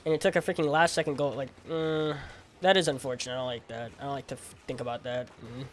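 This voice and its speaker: A man streaming a game and chatting casually in a rambling, animated, slangy way. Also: medium pitch, fast talker, a little hiss or hum. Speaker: gaming streamer.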